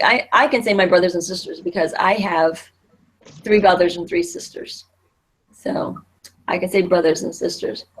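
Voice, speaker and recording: A middle-aged woman teaches a Spanish class in a classroom, explaining each point patiently and circling back with fillers and restarts. Her voice is a little low and husky.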